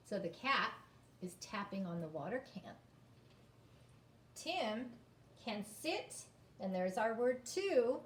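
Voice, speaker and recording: A woman's voice: fairly high pitch, roomy sound, slight background noise. A woman teacher reading to young children and sounding out letters in a sing-song phonics lesson.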